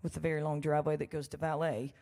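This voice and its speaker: A deep, warm female voice with flat delivery and fast pace belongs to a songwriter storytelling between songs on stage. Folksy and joking, she chats with laughs and crowd asides in a large church hall marked by long reverb.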